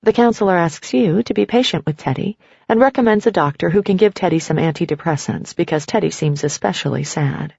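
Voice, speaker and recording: A woman narrating a nonfiction audiobook, telling a story in the second person in a steady way. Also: fairly low pitch, brisk, creaky, slightly rough, no echo, highs cut off.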